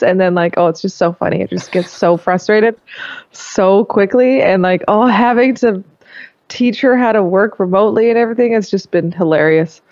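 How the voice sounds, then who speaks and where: A woman's voice: medium pitch, normal speed, no room sound. Laughing woman storyteller over dull line. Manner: lively storyteller, laughs often. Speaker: guest, metal singer. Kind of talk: casual chat.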